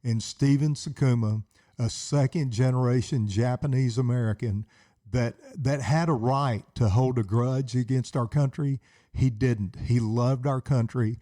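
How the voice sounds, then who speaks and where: A man's voice: mid-range voice, fairly even intonation, unhurried, mellow. A man in his sixties, an Army veteran telling his stories in an interview with earnest, heartfelt sincerity.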